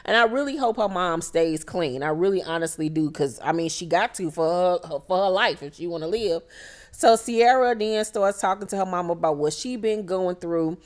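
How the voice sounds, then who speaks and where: A woman's voice: lowish voice, expressive, moderate pace. A woman hosting a casual TV recap and talking in a blunt, profane, sassy way. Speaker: TV recap host.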